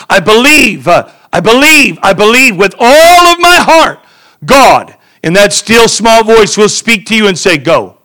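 Fervent high-voiced preacher. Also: male voice, low-quality recording. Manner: fervent, repetitive, swings from shouting to quiet. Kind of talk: sermon.

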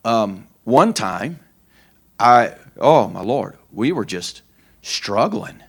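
A man's voice: on the low side, big pitch swings, slow pace, vocal fry, breathy edge. A middle-aged man preaching a sermon as pastor, telling homespun stories with a folksy, repetitive manner and informal grammar. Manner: folksy storytelling, repeats phrases.

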